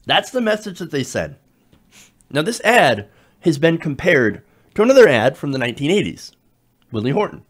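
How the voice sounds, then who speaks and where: A man delivering a political commentary monologue. His fairly high voice swings widely in pitch as he stresses points and repeats numbers for emphasis. He talks in an emphatic, argumentative way with occasional restarts. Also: very animated, moderate pace. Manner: emphatic, repeats key words, some restarts.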